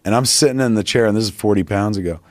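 A man's voice: lowish voice, rapid-fire, dry recording, clean studio sound. A man telling a long, profane anecdote in casual podcast talk, acting out the quotes as he goes. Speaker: podcast guest. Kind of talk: casual storytelling.

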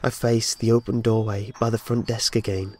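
A man's voice: lowish voice, little pitch movement, normal speed, a little mellow. Male horror narrator, dramatic storytelling, light music bed. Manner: dramatic storytelling with voiced dialogue.

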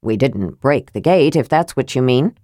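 A woman voicing a gruff, blunt male dwarf who states things flatly in an audiobook. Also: extremely low pitch, moderate pace, dry recording, studio quality, voice pushed down. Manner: blunt, matter-of-fact.

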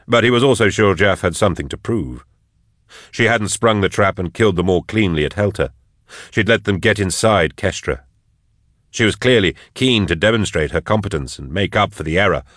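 A male narrator reads a novel in a steady, measured way. His voice is very deep, and the recording is close and dry, with no room sound. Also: no room sound. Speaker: audiobook narrator. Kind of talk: scripted narration.

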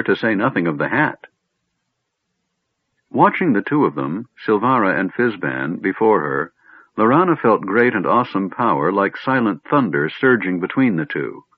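A man narrating a fantasy audiobook in an expressive storytelling manner. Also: fairly low pitch, dry recording. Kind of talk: scripted narration. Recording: narrow phone-like sound, dry.

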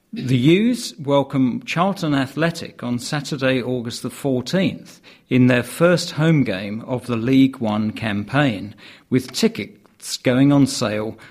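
A man reads out local sports news at a steady, plain pace. He adds the odd dry aside between items. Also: medium pitch, husky. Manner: plain reading with wry asides. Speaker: news reader.

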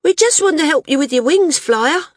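A woman voicing a young village girl who speaks in a high, breathy, eager way. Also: lively intonation, moderate pace, dry recording, clean studio sound.

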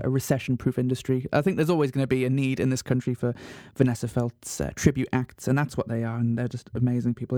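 A man's voice: medium pitch, mellow, no echo, clean studio sound. A man presenting a radio show in a mock-serious, self-mocking monologue. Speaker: radio host.

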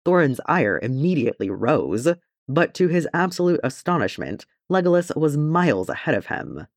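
A man narrating a fan fiction audiobook in an expressive storytelling manner. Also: on the high side, normal speed, no room sound, clean studio sound.

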